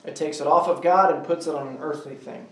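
A man leads a Bible study in a meeting room, asking his small group questions and drawing out key words slowly. His voice sits a little high and is picked up from some distance, with a roomy echo around it. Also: fairly bright tone. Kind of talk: interactive Bible class teaching.

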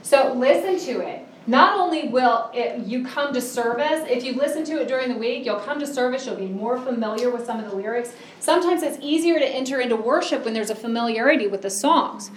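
A woman's voice: a little high, lively intonation, a little hiss or hum. A middle-aged woman preaching a sermon, earnest and emphatic, drawing out key words. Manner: earnest, emphatic, with drawn-out stresses. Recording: echoey, from a distance.

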